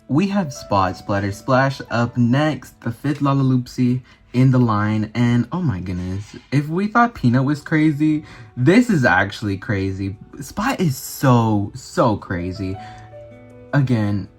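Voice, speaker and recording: A man's voice: mid-range voice, sing-song, measured pace, faint music behind. Gushing, chatty young man. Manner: chatty and gushing, heavy on fillers. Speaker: vlogger. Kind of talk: casual chat.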